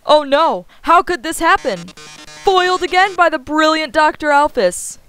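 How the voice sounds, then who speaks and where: A woman's voice: sits high, moderate pace, sharp tone, faint music behind, voice pushed up, low-quality recording. A woman voicing a flamboyant, theatrical robot TV star in a game, melodramatic and gloating with cackling laughs. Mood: hammy gloating.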